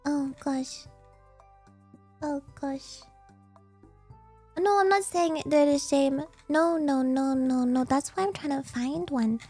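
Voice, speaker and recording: A woman's voice: sits high, darkish tone. A bubbly young woman VTuber chatting casually on a livestream, slipping in Japanese phrases. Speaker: VTuber streamer.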